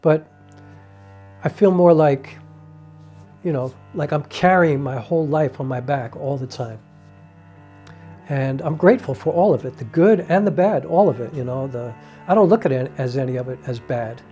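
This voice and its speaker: Earnest man reflecting, soft-toned voice. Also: medium pitch, normal speed, soft background music. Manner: earnest, heartfelt, with many "you know" fillers; acts out quoted dialogue with raised voice. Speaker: independent filmmaker and playwright. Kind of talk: reflective monologue to camera.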